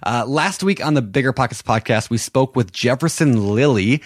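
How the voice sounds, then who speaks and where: A man's voice: medium pitch, animated, moderate pace, no echo, clean studio sound. Upbeat man co-hosting a podcast. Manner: upbeat, promotional. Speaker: podcast co-host. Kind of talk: casual podcast chat.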